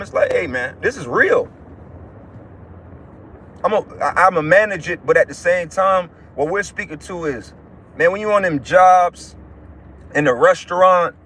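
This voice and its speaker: A man's voice: sits high, a bit bright, a little hiss or hum. A man hosting a casual livestream and preaching from his car, blunt and profane, with lots of restarts. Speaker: livestream host giving religious teaching. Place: inside a car.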